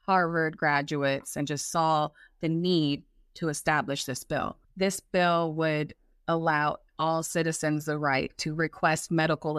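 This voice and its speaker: A woman, a nonprofit leader, explaining in an interview in a measured, deliberate way. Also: low voice, dry recording, clean studio sound. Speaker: guest, CEO of a nonprofit.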